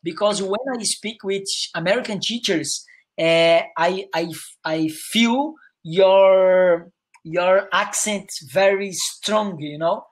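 A man from Brazil with a Brazilian Portuguese accent, speaking English as a student in an online lesson over a video call, in halting, hesitant sentences full of restarts and "you know?". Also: high voice.

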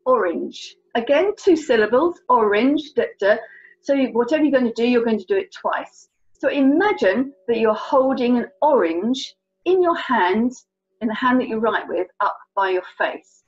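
A woman's voice: a little high, expressive, normal speed, slightly rough, lo-fi sound. A British woman teaching signs for colours to children in a chatty, playful, encouraging way. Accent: British English. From England. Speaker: sign language tutor. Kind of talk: children's signing lesson.

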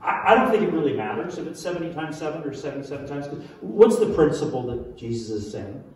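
A man's voice: fairly high pitch, very animated, quick pace. A male pastor preaching a sermon in a conversational way, full of restarts and questions to the congregation. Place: large church hall. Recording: echoey church hall from far off.

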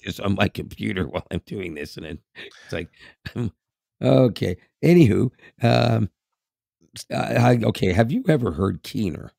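A man's voice: on the low side, expressive, unhurried, creaky, mellow, no room sound, clean studio sound. A Canadian man in his fifties with a Canadian accent, co-hosting a podcast in casual, rambling chat with frequent laughs. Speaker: podcast co-host.

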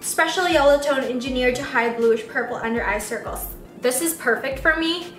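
A young woman with a squeaky voice, chatting excitedly as a beauty vlogger unboxing products in a casual vlog. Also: normal speed. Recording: roomy sound, mic at a distance, faint music.

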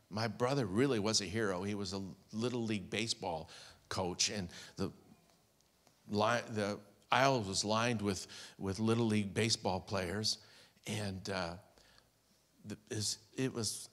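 Under the long reverb of a large church hall, a pastor with a lowish, slightly bright voice preaches unhurriedly. His sermon shares a personal story, voicing quoted speech with heartfelt feeling.

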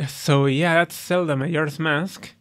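A man's voice: on the high side, steady tone, unhurried, fairly bright tone. A man hosting a let's play, reacting to a game ending with chuckles and then reflecting on it, tearing up. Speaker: gaming channel host. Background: faint game music.

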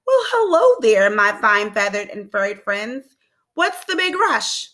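A woman voicing a sly, smooth-talking male coyote with an oily, flattering manner, in a storybook read-aloud. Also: fairly high pitch, measured pace, heavily acted.

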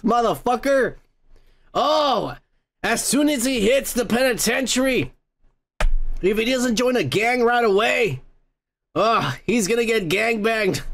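Brief: tipsy male podcast host, profane rambling rant, gravelly voice, slow delivery. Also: extremely high pitch, a bit bright. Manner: laughs often, swears, rambling. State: tipsy from beer.

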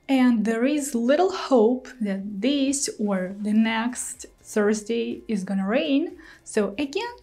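A woman's voice: a little high, dark tone. A young woman with a Russian accent, a native Russian speaker, patiently explaining idioms in a video lesson. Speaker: language teacher.

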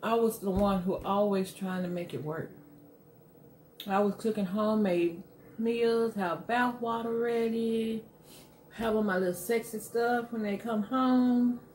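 A woman's voice: medium pitch, fairly even intonation, unhurried, darkish tone, a little hiss or hum. Candid middle-aged woman hosting an eating show. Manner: candid, emphatic storytelling. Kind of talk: casual chat while eating.

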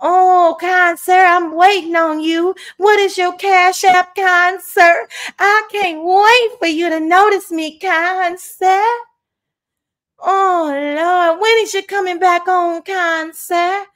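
A woman's voice: extremely high pitch, fairly even intonation, takes it slowly, fairly bright tone, full character voice. Woman doing a gushing Southern belle. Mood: fawning. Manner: breathy, gushing, exaggerated Southern drawl. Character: swooning Southern woman fawning over a man.

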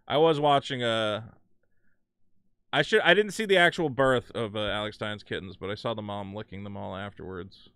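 A man's voice: mid-range voice, normal speed, pauses often, a bit bright, clean tone, dry recording. A man streaming a video game, chatting casually, rambling and swearing, and scolding his cat. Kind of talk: casual live gaming stream chat.

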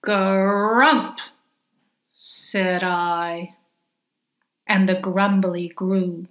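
A woman reading her own children's picture book aloud in a gentle, deliberate, expressive way. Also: mid-range voice, reverberant. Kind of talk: slow storybook narration for children.

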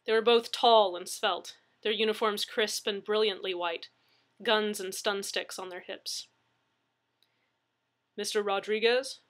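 A woman narrating a story aloud in a measured storytelling manner. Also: medium pitch, fairly even intonation. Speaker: audiobook narrator. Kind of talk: story reading.

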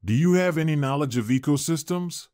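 A man's voice: fairly high pitch, brisk, a little mellow, no room sound, clean studio sound, voice pushed up, lightly acted. A man voicing a nervous, awkward young man.

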